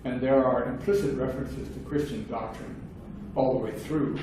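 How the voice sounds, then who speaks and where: A man delivers a conversational philosophy lecture, explaining at length and dropping wry, casual asides. His mid-range voice keeps a fairly even intonation at a normal speed. The room is very echoey, the mic sits at a distance, and there's faint noise.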